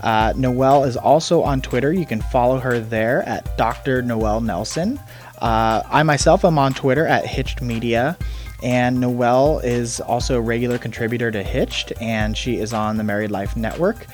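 A man hosting a podcast interview, talking in a relaxed, conversational way. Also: medium pitch, normal speed, soft background music. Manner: relaxed, conversational, some restarts. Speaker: podcast host.

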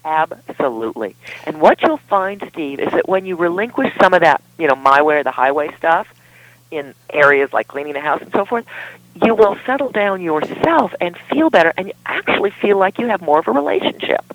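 A woman's voice: on the low side, very animated, a little fast, no echo, lo-fi sound. A woman relationship expert speaking as a guest in a podcast interview, explaining in an emphatic way.

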